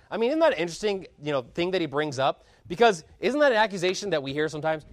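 A man preaching a sermon with passion, building to loud emphatic peaks and dropping into low, quiet asides. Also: sing-song, racing, hardly any pauses, no echo, studio quality.

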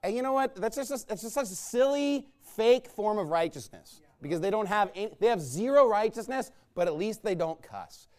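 A man preaching a combative, mocking sermon, swinging between low muttering asides and loud outbursts. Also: lively intonation, moderate pace, hardly any pauses. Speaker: pastor. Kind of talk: fiery sermon rant.

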